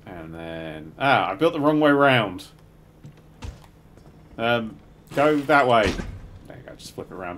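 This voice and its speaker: A middle-aged man streaming a game live, muttering to himself, swearing freely and bursting into excited exclamations. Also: mid-range voice, measured pace, long pauses, a little hiss or hum. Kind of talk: live gameplay commentary.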